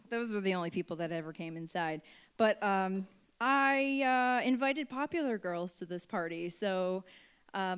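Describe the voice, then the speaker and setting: A woman's voice: mid-range voice, clean tone. A woman in her thirties from Vermont, telling a stand-up story with many fillers and small laughs. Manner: chatty, self-deprecating, many fillers and laughs. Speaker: stand-up comedian. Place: comedy stage before a live audience.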